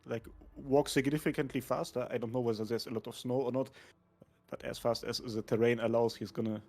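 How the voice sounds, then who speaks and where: A man's voice: medium pitch, steady tone, brisk, darkish tone. A man taking part as a player in a tabletop game, thinking aloud and hesitating as he decides what his character does.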